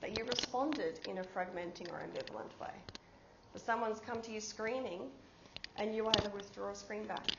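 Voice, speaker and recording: A woman's voice: mid-range voice, normal speed, gravelly. A woman presenting at a conference workshop, explaining ideas through everyday examples and giving the audience instructions. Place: conference room. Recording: echoey room, dull sound, background noise.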